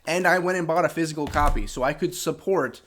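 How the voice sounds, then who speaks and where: A man with a somewhat high voice rants to the camera in a gaming vlog, sounding frustrated and sarcastic. He restarts his sentences often. His voice is starting to go hoarse. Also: a little fast, a bit bright, a little hiss or hum. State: losing his voice. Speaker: gaming channel host. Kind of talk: unscripted vlog rant.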